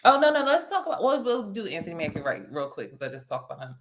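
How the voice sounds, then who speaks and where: Woman host, casual chat, lower voice, animated and chatty. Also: fast talker, a little hiss or hum. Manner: animated, chatty, laughs often. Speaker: vlog host.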